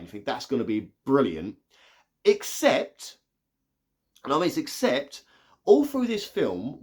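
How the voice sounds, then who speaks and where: A man giving a casual, excitable spoiler review of a movie, retelling scenes with lots of "like". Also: mid-range voice, slightly rough. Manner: chatty, excitable retelling full of "like".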